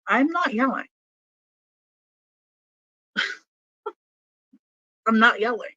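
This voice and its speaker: A woman's voice: medium pitch, pushed and bright, no echo, lo-fi sound. A woman giving a casual tarot reading who rambles with many fillers and laughs often. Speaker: tarot reader.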